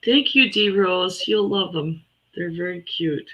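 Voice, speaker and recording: A woman from Canada, co-selling on a live sale stream and calmly explaining her jewelry pieces. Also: lowish voice, measured pace, muffled recording. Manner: easygoing, explains pieces plainly. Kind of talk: live online sale chat.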